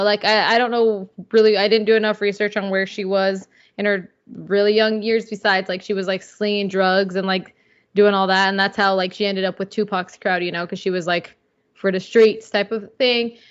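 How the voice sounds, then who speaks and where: A young woman co-hosts a casual podcast chat, animated and slangy, peppering her talk with filler words. Her voice sits in a middle register. The audio is a little dull and lo-fi. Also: mid-range voice. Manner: animated, slangy, says "like" and "dude" a lot. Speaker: podcast co-host.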